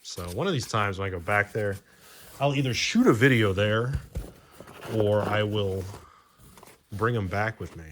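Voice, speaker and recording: Rambling low-voiced man opening cards. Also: measured pace, long pauses, a little hiss or hum. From Maryland, US. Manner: rambling, loose, many fillers and restarts. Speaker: card collector vlogger. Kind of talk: casual chat while opening cards.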